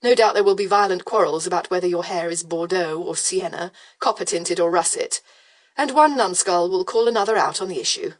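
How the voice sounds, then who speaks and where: A woman voicing a dry, teasing aristocratic gentleman in an audiobook, speaking wryly and with understatement. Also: lowish voice, a little fast, close to an everyday voice. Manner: wry, understated. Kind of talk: audiobook character voice.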